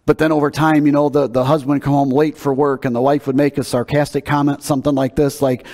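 A man's voice: medium pitch, level tone, quick pace, hardly any pauses, darkish tone. Emphatic male preacher in a reverberant hall. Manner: conversational, emphatic, repeats words when building a point. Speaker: pastor. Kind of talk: sermon.

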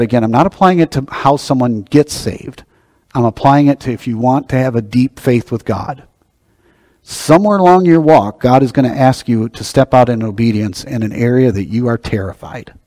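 A man preaching a sermon as pastor, swinging between loud emphatic bursts and quiet, slowed-down asides. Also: mid-range voice, dry recording, in a large hall.

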